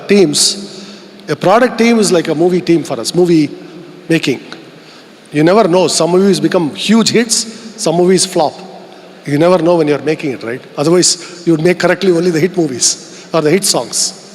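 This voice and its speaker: A middle-aged Indian man giving a conference keynote speech, earnest and reflective, asking the audience rhetorical questions. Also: on the high side. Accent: Indian English. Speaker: keynote speaker. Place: large conference hall. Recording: long hall reverb.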